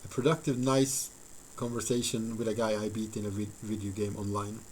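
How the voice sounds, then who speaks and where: A man's voice: lowish voice, little pitch movement, brisk, a little mellow, slight background noise, poor audio. A man live-streaming while he builds a model, thinking aloud in a rambling, filler-heavy way and chatting with his viewers. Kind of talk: casual live-stream chat while crafting.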